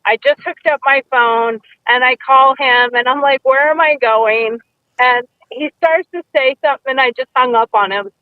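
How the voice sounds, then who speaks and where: A woman's voice: sits high, normal speed, no echo, narrow, tinny audio. A woman co-hosting a podcast, telling a story in casual chat and acting out the quotes. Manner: chatty storyteller, acts out quotes. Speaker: podcast co-host.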